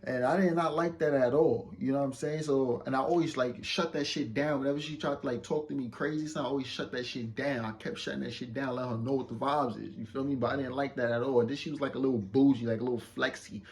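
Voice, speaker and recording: A young vlogger with a medium-pitched voice talks fast with few pauses, telling viewers a loose, boastful storytime full of slang. He repeatedly checks in with his listener and grows loud and excited while retelling an argument.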